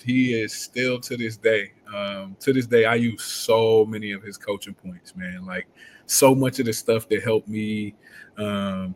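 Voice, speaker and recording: A man's voice: lowish voice, a little hiss or hum. Laughing, rambling football coach, man. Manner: animated storyteller, laughs often, loose and rambling. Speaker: football coach and show host. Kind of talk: casual live-stream talk.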